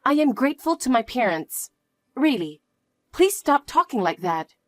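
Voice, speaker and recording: A woman voicing a polite, patient young wife who speaks softly and apologetically. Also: high voice, very animated, normal speed, dry recording. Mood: pleading. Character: polite, patient young wife, a put-upon daughter-in-law. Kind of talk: dramatized story dialogue.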